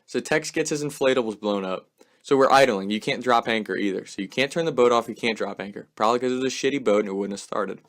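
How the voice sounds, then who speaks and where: A man's voice: medium pitch, fast, fairly bright tone. A young man casually telling a story, swearing often and filling his speech with "like.". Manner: swears a lot, fills speech with "like".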